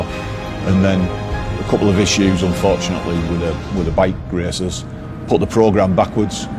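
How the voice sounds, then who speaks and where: A man, a racing team member, speaking steadily and with resignation in an interview. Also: low voice. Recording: music underneath.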